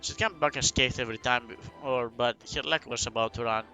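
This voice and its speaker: A man voicing a grieving, gruff island man who is bitter about his reckless sister, reading it aloud low and subdued. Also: brisk, bright, forceful tone, soft background music, natural voice, poor audio. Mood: somber. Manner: reading game dialogue aloud, somber.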